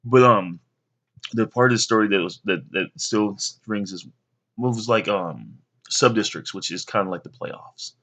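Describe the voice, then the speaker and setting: A young man casually telling rambling stories to his sons, with many fillers and lively bursts when he quotes others. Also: on the low side, normal speed. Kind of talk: casual storytelling to camera.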